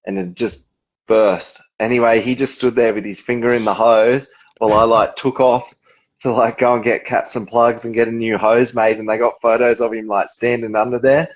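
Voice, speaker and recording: A man's voice: medium pitch, level tone, moderate pace, lo-fi sound. An Australian man on as a guest, telling a work story in laid-back casual chat.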